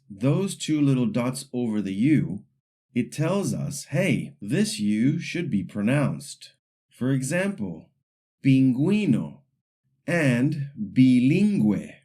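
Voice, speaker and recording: A man narrating a scripted language lesson as the teacher, explaining rules patiently and slowly modeling example words for the listener to repeat. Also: mid-range voice, darkish tone.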